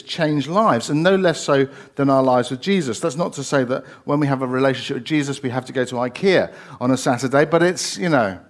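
A man preaching a sermon, conversational, with rhetorical questions and frequent fillers. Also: mid-range voice.

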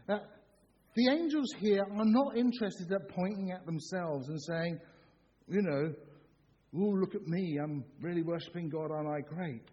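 A middle-aged man delivering a sermon, bouncing between jokes and earnest points. His voice sits a little high and swings widely in pitch. The sound is slightly muffled, with a long reverb trailing off the walls of a large church. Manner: animated, jokey, acts out shouts. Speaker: preacher.

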